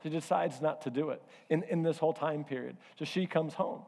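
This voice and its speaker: A male pastor preaching a sermon, telling a personal story in an animated way and acting out voices and asides. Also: on the high side, a little fast, gravelly. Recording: hall reverb.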